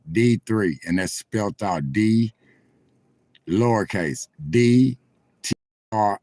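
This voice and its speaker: A man's voice: on the low side, a little mellow, dry recording. A man livestreaming from his car on his phone, chatting straight to viewers with preacher-like swells. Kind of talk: casual livestream chat. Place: in a parked car at a truck stop.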